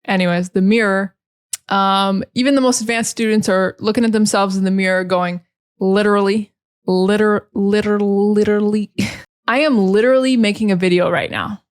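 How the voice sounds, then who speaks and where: American lady teacher, casual pronunciation lesson, says words again and again slow so you can copy, middle pitch. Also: clear, resonant tone. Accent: General American. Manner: chatty, repeats words slowly to model pronunciation. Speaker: English teacher.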